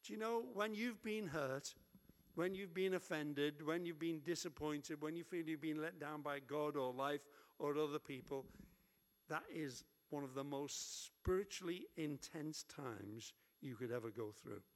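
A man preaching a sermon as pastor, lively and humorous, acting out little prayers. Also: a little high, measured pace. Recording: long hall reverb.

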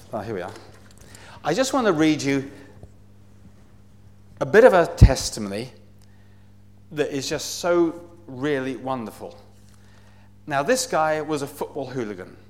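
A man giving an earnest, enthusiastic talk to a church congregation, with frequent fillers and cries of praise. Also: medium pitch. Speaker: visiting Bible society speaker.

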